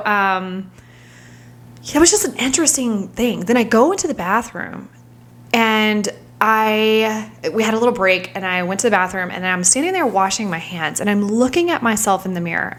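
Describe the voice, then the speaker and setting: A woman in her thirties shares a personal story in a reflective, candid vlog. She talks in a searching, thinking-out-loud way, at a middle pitch for a woman, and now and then falls into a hushed whisper. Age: 30s. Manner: candid, searching, trails off into soft whispers when reliving moments. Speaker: vlogger.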